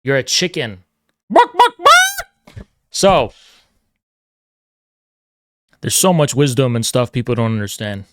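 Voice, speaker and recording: A man hosting a live call-in stream, lecturing and mocking his callers, at times booming like a preacher. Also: animated, unhurried, pauses often. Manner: lecturing, mocking, swings to booming theatrical declaiming. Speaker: livestream host taking callers. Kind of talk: combative call-in debate.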